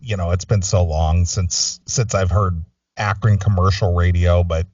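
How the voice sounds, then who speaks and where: A man's voice: sits low, steady tone, unhurried, darkish tone, no room sound. A man co-hosting a podcast, chatting casually with short, dry reactions. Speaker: podcast co-host. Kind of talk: casual chat. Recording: distant, dull lo-fi mic.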